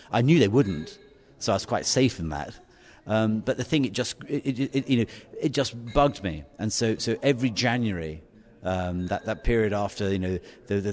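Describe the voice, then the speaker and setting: An English man with a somewhat low voice recounts a story in a relaxed interview. He stammers and repeats words as he searches for the next thought, now and then chuckling at himself. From England.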